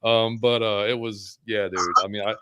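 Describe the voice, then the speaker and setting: Rambling laid-back podcast co-host. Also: male voice, lowish voice, moderate pace, clean tone, dry recording, clean studio sound. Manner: relaxed, rambling, lots of fillers and restarts. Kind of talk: casual chat.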